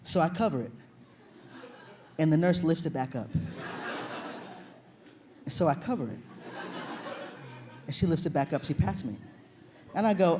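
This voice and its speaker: High-voiced young man doing stand-up. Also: unhurried, pauses often, noisy background. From Virginia, USA. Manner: animated storytelling, loud acted-out shouts. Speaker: stand-up comedian. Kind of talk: stand-up comedy performance. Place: comedy stage before an audience.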